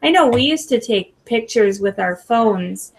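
A woman's voice: fairly high pitch, animated, a little slow, creaky. A woman co-hosting a podcast, chatting casually in a hesitant way, restarting her sentences as she goes. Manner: hesitant, many restarts and fillers. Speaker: podcast co-host. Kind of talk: casual chat.

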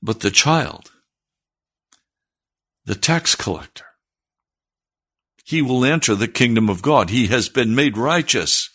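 A man preaches with a breathy, husky voice, reading scripture and then explaining it. His delivery is earnest and often climbs into fervent emphasis. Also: medium pitch, lively intonation, slow, pauses often, fairly bright tone. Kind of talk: sermon.

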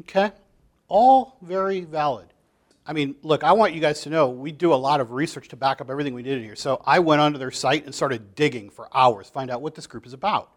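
A man leading a Bible study group in a chatty, animated way, full of filler "like"s, as he reads comics aloud. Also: on the high side, a little fast. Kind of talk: casual group talk, reading comics aloud.

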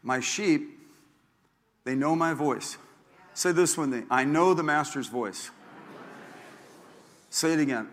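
A man's voice: mid-range voice, a bit bright, big-room sound. An older man preaching a sermon as pastor, folksy and joking, often repeating himself. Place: church sanctuary.

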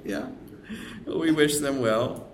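A man's voice: mid-range voice, slow pace, echoey room, background noise. A man hosting a live show, introducing guests with laughing, jokey banter. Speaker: host.

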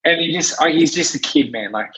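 A man's voice: a little high, fairly quick, bright, forceful tone, husky. A man, a gym trainer chatting as a podcast guest, rambling through stories with lots of restarts and acted-out quotes. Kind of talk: casual storytelling chat. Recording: dull, muffled podcast audio.

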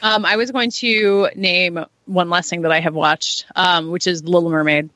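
A woman's voice: fairly low pitch, fairly even intonation, normal speed, sharp tone, dry recording. A woman co-hosting a podcast, chatting enthusiastically and saying "like" often. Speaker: podcast co-host. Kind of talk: casual chat.

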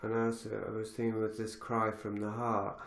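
A man's voice: lowish voice, monotone, normal speed, creaky, roomy sound. A man hosting a podcast conversation, reflective and thinking aloud with many fillers and restarts. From lives in Galicia. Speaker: podcast host.

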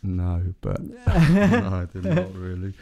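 A man's voice: low-pitched, big pitch swings, slow, warm tone. A man co-hosting a casual podcast, rambling and correcting himself with a jokey tone. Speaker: podcast co-host. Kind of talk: casual chat.

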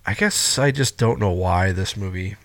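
A man's voice: low voice, moderate pace, dry recording. A man co-hosting a podcast, chatting loosely about a film, incredulous and freely swearing. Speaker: podcast co-host. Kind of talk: casual film review chat.

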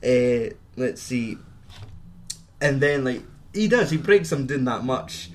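A man's voice: mid-range voice, animated, slow pace, slight background noise. A young man co-hosting a podcast, chatting casually about a film in a rambling, sweary way. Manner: rambling, sweary, laughs often. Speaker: podcast co-host.

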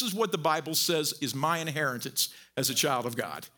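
A man preaching a sermon as pastor, animated and conversational, swinging from low quiet phrases to loud emphatic peaks with folksy asides. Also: brisk, few pauses.

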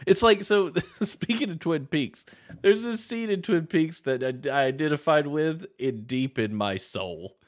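A man in a loose podcast conversation who laughs through his stories. He acts out little quotes with big jumps in his voice, sitting a bit higher than most men, reading news aloud in a relaxed way. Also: unhurried. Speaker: podcast co-host. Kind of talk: casual chat.

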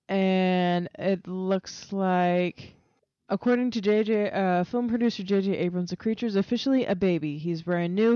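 A woman co-hosting a casual podcast, pausing often with "um" as she works through what she found. Her voice is smooth and clear, a bit low for a woman. The sound is dull and lo-fi, in a dead, dry space. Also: a little mellow, no echo. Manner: hesitant, reads facts with many "um"s. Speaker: podcast co-host. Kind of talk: casual chat.

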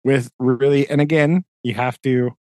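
A man's voice: mid-range voice, steady tone, moderate pace, a little mellow, dry recording, studio quality. A man co-hosting a podcast in casual chat, rambling and tagging his points with "right?". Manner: chatty, peppers talk with "right?" and "like". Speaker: podcast co-host.

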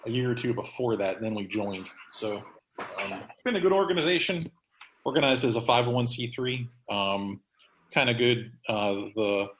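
A man's voice: medium pitch, animated, moderate pace, roomy sound, low-quality recording. A man hosting a podcast in casual chat, rambling with many fillers and restarts. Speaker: podcast host.

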